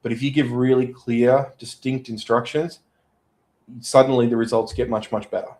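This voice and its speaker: A man, a podcast guest chatting casually and telling stories in an animated way. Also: medium pitch, normal speed, poor audio. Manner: animated storyteller.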